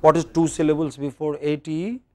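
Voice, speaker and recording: A man's voice: fairly high pitch, steady tone, brisk, a little hiss or hum. Indian man teaching word stress. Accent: Indian English. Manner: drills word stress, quizzing students. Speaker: English pronunciation teacher. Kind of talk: classroom lecture.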